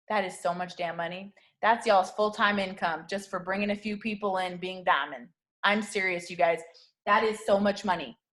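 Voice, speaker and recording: Casting: woman, 30s, network-marketing team leader, punchy hype talk, slangy, keeps checking in with her listeners. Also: fairly bright tone. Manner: high-energy, repetitive, slangy, keeps asking "okay?". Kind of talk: motivational talk to camera.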